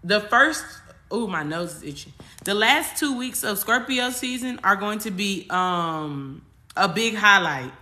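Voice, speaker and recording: A woman's voice: medium pitch, animated, a little slow, bright, forceful tone. A woman spiritual coach hosting a casual astrology livestream, talking emphatically and repetitively to her viewers, with casual slang and swearing. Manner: emphatic, repetitive, talks straight at the audience.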